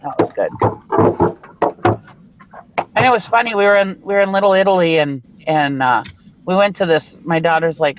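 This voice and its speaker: A woman's voice: on the low side, moderate pace, long pauses, phone-quality sound, a little hiss or hum. A woman from Minnesota chatting bluntly on a video call, telling stories with frequent laughter. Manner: blunt, chatty storyteller who laughs often. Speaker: live show regular. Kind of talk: casual chat. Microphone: online video call.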